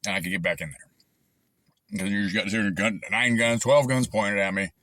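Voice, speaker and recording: A man's voice: on the low side, steady tone, normal speed, a bit bright, no room sound. A man telling a long, frustrated story in a rambling, casual way with lots of fillers and restarts. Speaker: channel host recounting a dispute.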